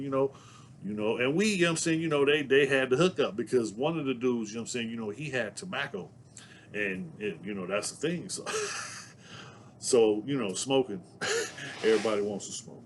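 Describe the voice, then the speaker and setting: A man's voice: mid-range voice, a little fast, a little hiss or hum. A man from San Diego telling stories to camera in a casual, rambling way, packing his talk with fillers and laughing between thoughts. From Southeast San Diego, California. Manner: rambling, packed with "you know what I'm saying". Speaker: vlogger telling prison stories.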